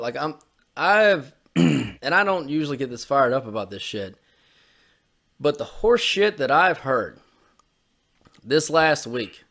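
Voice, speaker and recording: A man co-hosting a podcast goes on a heated, profane political rant, repeating his swearing. His voice is mid-range and a bit bright.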